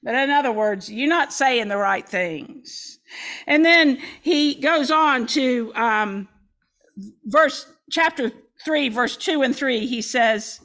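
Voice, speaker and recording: A woman's voice: high-pitched, sing-song, slow, fairly bright tone. A woman pastor preaching a sermon, reading scripture dramatically with folksy asides.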